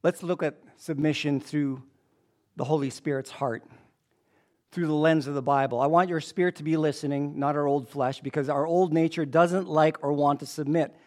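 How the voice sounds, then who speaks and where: A man with a high voice preaches a lively sermon. He talks in an animated way and banters with the congregation between points. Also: moderate pace. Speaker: pastor.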